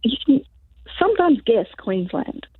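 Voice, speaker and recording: A woman's voice: fairly high pitch, very animated, unhurried, husky, no room sound. An Australian woman calling in to a radio show, friendly and easygoing in her chat. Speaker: caller. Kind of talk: phone-in chat. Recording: tinny phone line.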